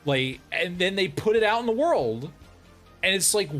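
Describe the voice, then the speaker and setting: A fairly high-voiced man rants on a livestream, his pitch swinging widely between incredulous highs and grumbling lows. He swears freely and laughs through his frustration, with faint music playing underneath. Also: sing-song, normal speed, a bit bright. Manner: exasperated, profane ranting with bursts of laughter. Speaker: VTuber streamer. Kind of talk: casual livestream rant.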